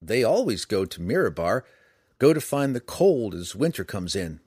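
A man's voice: very animated, normal speed, a little mellow, husky, no echo, studio quality. A man voicing a fat-bellied tavern storyteller with a shaky, quivering voice in a fantasy audiobook. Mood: insistent. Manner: shaky, quivering, higher-pitched voice.

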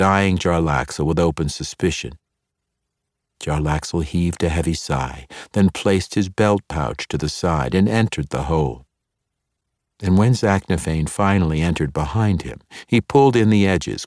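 A man reads a fantasy novel aloud, his voice extremely deep and his delivery slow and measured. The sound is close and dry, with no room around it. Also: darkish tone, dry recording. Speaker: audiobook narrator. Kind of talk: scripted fantasy narration.

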